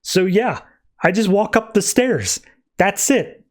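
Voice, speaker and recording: A man voicing a cynical male occult con man, exasperated and pitched higher than his own voice. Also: expressive, slow. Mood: smug.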